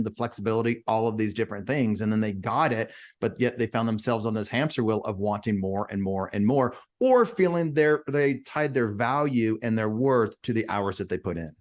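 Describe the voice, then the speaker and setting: Earnest low-voiced podcast host. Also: male voice, a little mellow. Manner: earnest and reflective. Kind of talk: casual podcast conversation.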